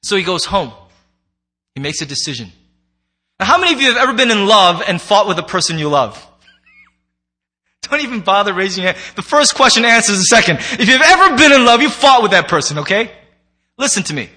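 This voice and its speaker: A man's voice: high-pitched, very animated, a little fast, long pauses, pushed and bright. A man preaching a sermon to a congregation, conversational and playful, slipping into acted asides. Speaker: pastor. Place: church sanctuary before a congregation.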